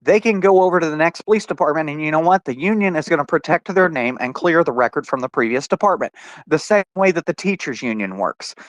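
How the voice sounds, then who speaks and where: Angry, profane man with a fairly high voice. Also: animated, dry recording. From Oklahoma. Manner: angry, profane, rapid storytelling with quoted retorts. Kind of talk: heated podcast conversation.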